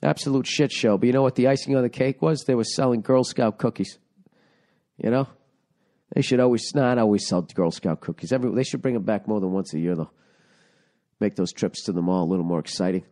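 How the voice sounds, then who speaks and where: A man hosting a solo comedy podcast, hoarse from a cold, rambling and swearing sarcastically. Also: lowish voice, brisk, warm tone. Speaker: podcast host.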